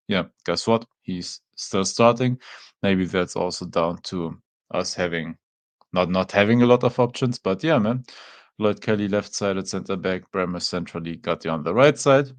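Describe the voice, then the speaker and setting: A man with a low voice speaks at a moderate pace while hosting a casual live watchalong. A native German speaker with a German accent, he talks to chat in a relaxed, chatty manner, using fillers like "man".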